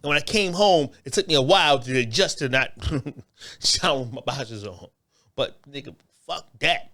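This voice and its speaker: A man in his thirties telling a story in a casual, profane way, animated and full of repeats and restarts. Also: mid-range voice, moderate pace.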